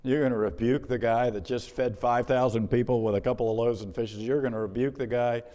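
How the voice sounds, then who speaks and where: A male pastor preaching a sermon in an animated, conversational way, with emphatic repetition and joking asides. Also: medium pitch, fairly quick, big-room sound.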